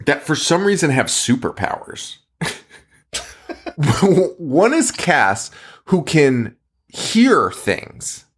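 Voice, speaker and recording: A man's voice: mid-range voice, lively intonation, slow pace. A man co-hosting a horror movie podcast, chatting casually, swearing freely and laughing often. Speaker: podcast co-host. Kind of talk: casual chat.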